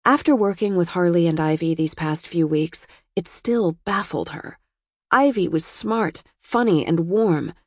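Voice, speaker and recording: A woman narrates an audiobook in an even, steady reading. Her voice is low, husky and gravelly, recorded close and dry. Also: a little slow, dry recording. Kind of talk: scripted narration.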